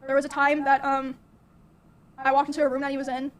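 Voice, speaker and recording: Young woman, high and fairly flat voice, soft-spoken, halting, recounting her own story with many fillers. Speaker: streamer.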